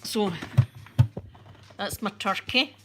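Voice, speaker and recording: A Scottish woman vlogger chatting casually with her viewers, talkative and quick to laugh at herself. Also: medium pitch, background noise. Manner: chatty, laughs often, self-mocking. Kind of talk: casual live-stream chat.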